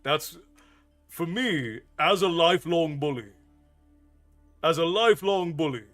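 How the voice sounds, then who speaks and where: A man's voice: a little high, animated, unhurried, a bit bright, soft background music. A man streaming his storytime show, chatting casually with his viewers in a rambling, self-amused way and laughing often. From United States. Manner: reads and answers viewer chat. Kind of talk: casual live-stream chat.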